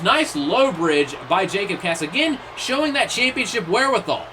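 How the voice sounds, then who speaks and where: A man doing excitable wrestling play-by-play commentary, exclaiming at each move and dropping joking asides. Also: sits high, moderate pace, background noise.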